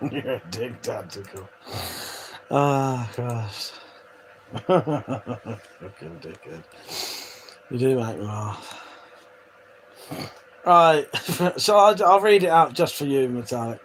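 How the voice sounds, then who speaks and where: Man, livestream host, casual chat, swears a lot, laughs often, mid-pitched voice, faint background noise. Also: lively intonation, slow, pauses often, a bit bright, rough recording. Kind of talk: casual live chat reading viewer comments.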